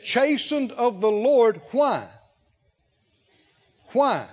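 A male pastor preaching a sermon, speaking slowly and with emphasis, pausing to let the congregation fill in key words. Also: extremely high pitch, big pitch swings. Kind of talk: sermon with call-and-response. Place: church sanctuary. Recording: lo-fi with long hall reverb.

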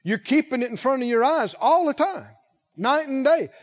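A man preaching a sermon, speaking slowly and emphatically, drawing out key words and putting questions to the congregation. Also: very high-pitched, animated, lo-fi sound.

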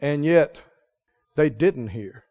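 A man preaching a passionate sermon, pressing his listeners with rhetorical questions and swinging from hushed tones to loud ones. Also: a little high, lively intonation, slow. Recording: reverberant hall, muffled sound.

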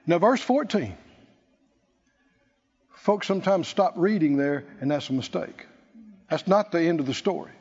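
A man's voice: fairly high pitch, animated, measured pace, long pauses, darkish tone, husky. A man preaching a sermon as pastor, with emphatic delivery that repeats key phrases for his congregation. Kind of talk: sermon with call-and-response. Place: church sanctuary. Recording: dull lo-fi recording with long hall reverb.

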